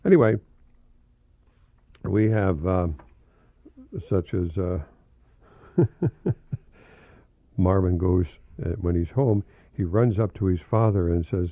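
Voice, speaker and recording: An older professor hosting a radio talk, reading children's jokes aloud in a rambling, fond way and chuckling often. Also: male voice, low voice, takes it slowly, long pauses, mellow, no room sound.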